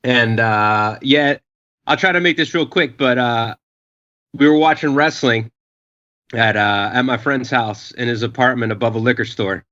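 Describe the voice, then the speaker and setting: Rambling, profane male storyteller, bright tone, muffled lo-fi recording. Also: medium pitch, a little slow. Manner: rambling, profane, many filler uhs, acts out quotes. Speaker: podcast guest. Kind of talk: casual storytelling.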